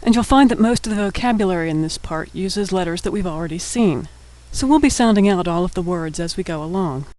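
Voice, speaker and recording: Man, high voice, alphabet lesson, sounding out letters slowly, scripted narration. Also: a little mellow, poor audio. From United States. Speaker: teacher.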